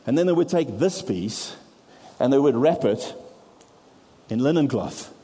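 A man preaching to a congregation, his voice mellow and dark in tone. He explains patiently and steps aside now and then to poke fun at himself. Long reverb hangs around his words in the hall. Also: medium pitch, lively intonation, unhurried, husky. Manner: explains with props, self-deprecating asides. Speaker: pastor. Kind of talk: sermon.

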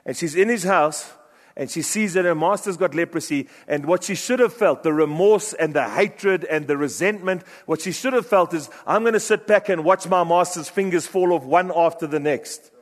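A man preaching a sermon with passion, shifting from loud urgent bursts to hushed, low phrases. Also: moderate pace. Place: church hall. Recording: long reverb of a large hall.

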